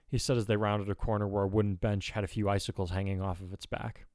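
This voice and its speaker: Low-voiced man narrating a story. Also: level tone, fast, hardly any pauses, a little mellow, no echo, clean studio sound. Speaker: audiobook narrator. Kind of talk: scripted narration of fan fiction.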